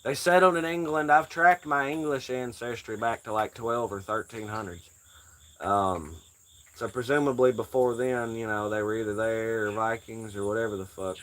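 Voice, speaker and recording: A man's voice: on the low side, moderate pace, a bit bright. American dude rambling on his livestream, swears a lot, jokey. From United States. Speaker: livestream host. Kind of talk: casual livestream chat.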